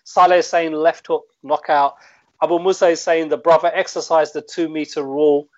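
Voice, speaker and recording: A man's voice: fairly high pitch, little pitch movement, fairly quick, no echo. A man co-hosting a casual live-stream chat, rambling with many hesitant fillers. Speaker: co-host. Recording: dull, muffled audio.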